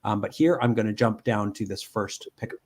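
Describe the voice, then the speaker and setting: A man giving a live software demonstration from home, explaining step by step with frequent ums and restarts. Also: on the low side, a little fast.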